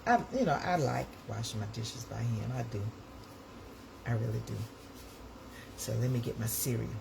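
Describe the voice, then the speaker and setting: A woman's voice: a bass voice, expressive, normal speed, creaky, long pauses. A woman with a Georgia Southern accent, chatting casually on a livestream from her kitchen, repeating her phrases and talking to viewers. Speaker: livestream host. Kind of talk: casual live chat while making breakfast. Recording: noisy home livestream audio.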